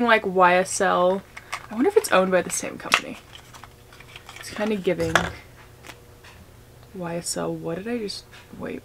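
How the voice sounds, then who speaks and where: A chatty young woman vlogger gushes over the products she unboxes at home. She talks casually, with lots of fillers, at a mid pitch for a woman. A faint hiss sits in the background. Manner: gushing, chatty, many fillers. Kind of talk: casual vlog, makeup and unboxing chat.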